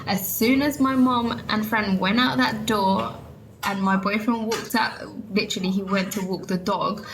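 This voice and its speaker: A woman's voice: medium pitch, fairly even intonation, moderate pace, background noise. A young woman from England, chatting candidly to viewers and saying "like" and "literally" a lot. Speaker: vlogger. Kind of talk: casual chat.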